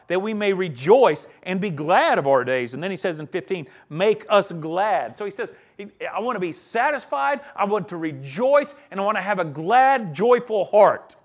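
A pastor preaching a sermon on a psalm, earnest and swelling to emphatic peaks, with soft chuckles between points. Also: male voice, sits high.

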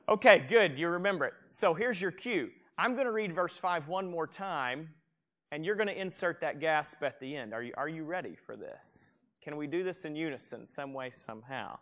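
In a church room before a gathered congregation, a pastor preaches a sermon, reading scripture aloud. He's animated, acting out gasps and restarting often, with a fairly high-pitched, brisk voice.

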